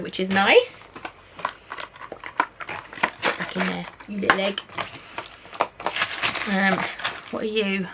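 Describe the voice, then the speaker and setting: English girl from norfolk doing a beauty unboxing at home, chatty and excitable, faint hum behind her. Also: mid-range voice. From Norfolk, England. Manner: chatty and excitable, reads product blurbs aloud. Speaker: beauty vlogger. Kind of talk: casual unboxing chat. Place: at home, indoors.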